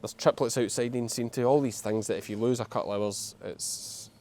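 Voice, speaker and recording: A man's voice: medium pitch, steady tone, brisk, darkish tone, slight background noise. A young man with a Scottish accent, a sheep farmer hosting a casual farm vlog outdoors and talking bluntly to the camera. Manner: blunt, swears casually, uses local dialect words. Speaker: sheep farmer and channel host.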